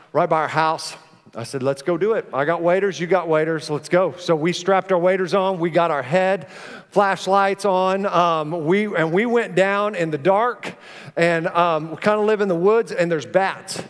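A middle-aged man preaching a sermon to a church congregation, telling stories in an animated way and putting direct questions to his listeners. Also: high voice. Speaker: pastor. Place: large church auditorium. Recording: long hall reverb of a church auditorium.

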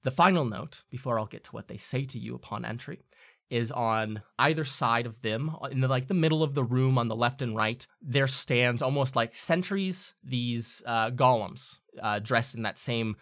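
A man's voice: medium pitch, normal speed, a bit bright. A man narrating as game master, describing scenes with frequent hesitations.

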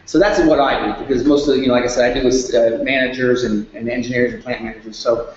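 A man giving an animated sales talk at a workshop, acting out phone calls in raised voices. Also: mid-range voice, fast, slight background noise. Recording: echoey room, dull lo-fi sound.

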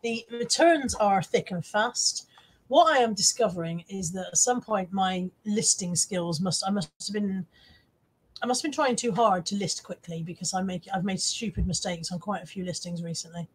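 Her voice is medium in pitch with a breathy edge, delivered at a moderate pace. She runs an informal live stream where she chats with her audience, reads their comments out loud, puts herself down in jest, and swears from time to time.

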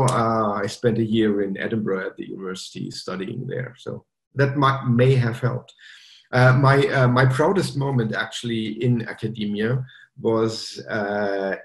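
A German man with a German accent, chatting casually as a podcast guest, relaxed and hesitant with many fillers. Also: fairly low pitch, vocal fry, reverberant. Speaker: guest developer. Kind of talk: casual interview chat.

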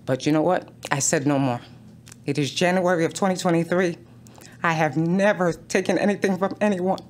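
A woman's voice: fairly low pitch, steady tone, moderate pace. A woman speaking at a town council public comment, emotional, pleading and insistent.

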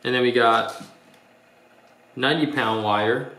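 Excited man unboxing fishing gear. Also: mid-range voice, takes it slowly. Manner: excited, slangy, laughs often. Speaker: fishing channel host. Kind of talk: casual unboxing chat. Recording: echoey room with clear background noise.

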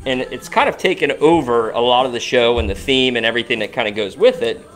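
A man's voice: mid-range voice, fast talker, faint music behind. A man co-hosting a casual podcast, animatedly walking through listener numbers and chatting with his partner. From Cincinnati, Ohio area. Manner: animated, walks through download stats. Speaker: podcast co-host.

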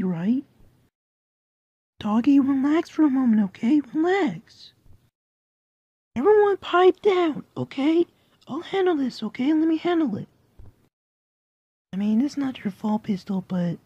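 Woman doing a silly male cartoon cat, high bouncy voice, rambles all over, dull lo-fi sound. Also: dark tone, no echo. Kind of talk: cartoon voice acting. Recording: dull lo-fi recording.

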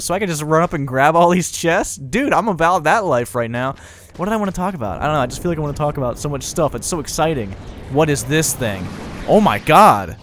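Excitable young man gaming. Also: a little high, normal speed, slight background noise. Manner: excitable, chatty, laughs often. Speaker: gaming video host. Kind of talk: casual let's-play commentary.

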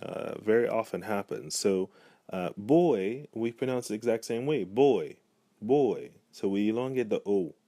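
A man's voice: on the low side, moderate pace, mellow, no room sound. A man giving a pronunciation lesson, speaking patiently and repeating each example word. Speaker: language teacher. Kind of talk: pronunciation tutorial.

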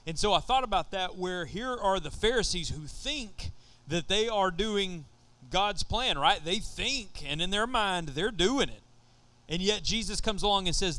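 In a relaxed, joking sermon, a middle-aged Texan pastor talks straight to his congregation at a moderate pace. For a man his voice sits high, bright and crisp.

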